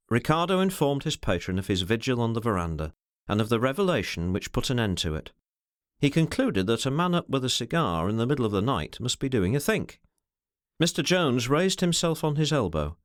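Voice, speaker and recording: A male audiobook narrator tells a classic story in a measured, expressive manner. His pitch moves widely through each sentence, and the recording is dry and close with no room sound. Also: no echo. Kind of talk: scripted narration of a classic novel.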